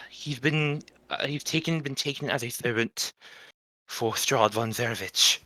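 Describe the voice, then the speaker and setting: A man playing a tabletop game, speaking in a calm, earnest way for his character. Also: mid-range voice, measured pace. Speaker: player.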